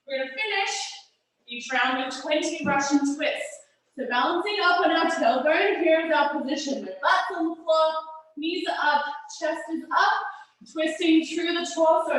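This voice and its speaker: A woman's voice: high-pitched, a bit bright. A woman fitness instructor coaching a workout class while exercising herself, counting reps and cheering, a little out of breath. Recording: very echoey room, far from mic.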